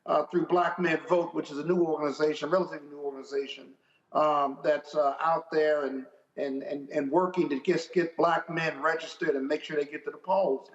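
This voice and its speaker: Male guest on a talk show, deliberate and fairly high-voiced, echoey room sound. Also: fairly even intonation. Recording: echoey, dull remote audio.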